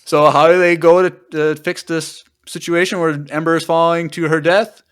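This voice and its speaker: A man's voice: a little high, little pitch movement, normal speed, smooth. A man hosting a podcast, retelling a book in casual, rambling chat full of fillers and trailing off at the ends of thoughts. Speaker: podcast host.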